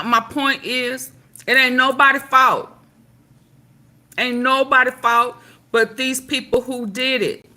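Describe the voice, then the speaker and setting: A woman's voice: on the high side, sharp tone. A middle-aged woman hosting casual reaction commentary, emphatic and preachy, swearing freely. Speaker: commentary channel host.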